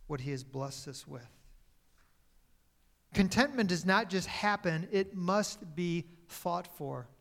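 A male pastor preaching a sermon, who swings between emphatic, louder lines and quiet, dropped phrases, and sometimes corrects himself mid-sentence. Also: high-pitched.

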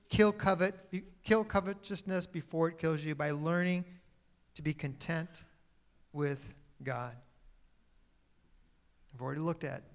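Preaching a sermon in a fairly high voice, a male pastor moves back and forth between emphatic bursts and quiet, trailing phrases. Now and then he corrects himself partway through a sentence.

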